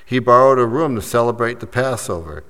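A man preaching a sermon as pastor, rising to emphatic points and dropping softly after them. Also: mid-range voice, animated, brisk, clear, resonant tone. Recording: long reverb of a large hall.

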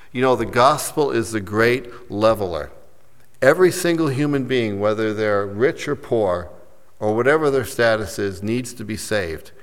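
A lower-voiced man delivers a sermon from the pulpit, building to emphatic peaks and then dropping to quiet, settled endings. His voice rings out with a long hall reverb, as if in a large church sanctuary. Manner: preaching with rising emphasis and soft drops. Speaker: pastor.

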